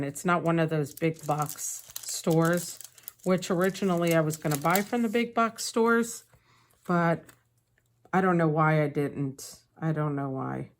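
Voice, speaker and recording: A woman with a lowish voice chats at an unhurried pace as she decorates her planner, drifting into a long story with soft asides. Faint paper crinkling and sticker sounds sit behind her. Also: slight background noise. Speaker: planner vlogger. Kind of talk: casual voice-over while decorating a planner.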